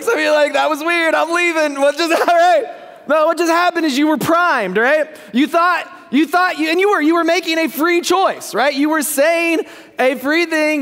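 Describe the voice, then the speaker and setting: A man's voice: very high-pitched, a bit bright. A male pastor giving a casual, joking sermon, often checking in with the congregation. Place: church sanctuary. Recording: long church hall reverb.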